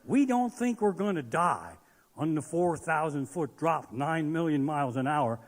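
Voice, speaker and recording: Guy doing stand-up, high voice, swearing and yelling bits, big reverby hall. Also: animated, unhurried. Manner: profane, ranting, shouts punchlines. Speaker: stand-up comedian. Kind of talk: stand-up comedy set. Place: live comedy stage in a large hall. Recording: live venue with long hall reverb.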